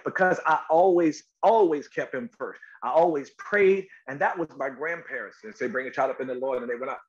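A middle-aged actor guest from North Carolina, USA, with a voice on the high side, tells stories in an interview over lo-fi sound. He delivers them animatedly, repeating words and performing the quotes.

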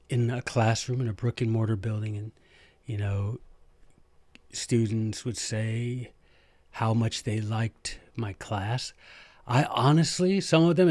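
A man, hosting a podcast and telling history stories in a lively, joking, self-deprecating way. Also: medium pitch, dry recording. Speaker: podcast host, former history teacher. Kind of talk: casual history storytelling monologue.

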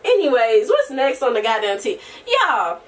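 A young woman talking to her camera in a loose, rambling vlog, full of slang and swearing and quick laughs. Her voice sits a little high and swings up and down freely as she talks. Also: sing-song, far from the mic. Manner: chatty and rambling, slangy and profane, laughs often; breaks into soft singing. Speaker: vlogger. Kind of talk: casual chat to camera.

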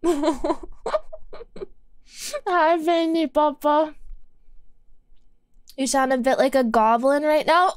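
Woman streamer, high voice, unhurried, sarcastic, giggly teasing, dry close mic. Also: no room sound. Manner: teasing, sarcastic, giggly, talks while eating. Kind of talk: casual gaming stream chat.

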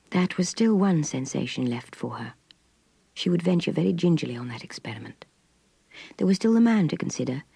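A woman reading a novel aloud, expressive and soft, voicing a troubled young lady. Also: low voice, gravelly, husky, dry recording. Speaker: narrator. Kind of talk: audiobook reading.

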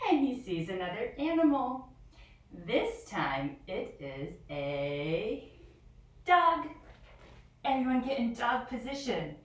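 A woman teaches yoga to small children in a slow, gentle voice, her pitch rising and falling in a sing-song way. She is recorded from a distance in a very echoey room. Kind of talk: guided yoga lesson for young children.

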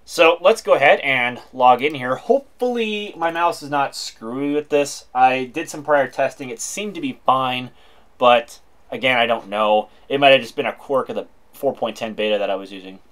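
Man, tech walkthrough narration, informal and wry, mid-pitched voice. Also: normal speed, fairly bright tone. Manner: chatty, informal, wry asides. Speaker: tech video host. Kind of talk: casual screen-recording walkthrough.

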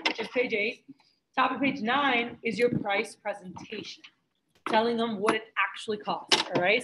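Young woman running sales training, talks quick, acts out customers, light hiss in the room. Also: a little high. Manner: chatty, fast, acts out customer dialogue. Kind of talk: sales training talk to a group.

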